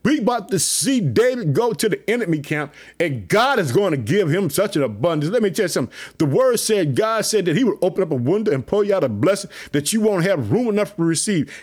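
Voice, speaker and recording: Pumped-up high-voiced preacher man. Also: brisk, few pauses, slightly rough. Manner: excited, repetitive preaching catchphrases. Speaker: pastor. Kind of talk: energetic podcast sermon.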